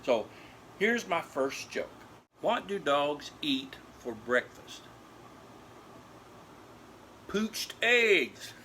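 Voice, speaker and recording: An older man reading out corny dog puns at home, unhurried, laughing at each punchline and walking through why it's funny. His voice is bright and it swings lively up and down. A faint hum of room ambience sits under it. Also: a little high. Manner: chuckles at his own puns and explains them. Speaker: amateur comedian telling jokes to his dogs. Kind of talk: corny joke routine.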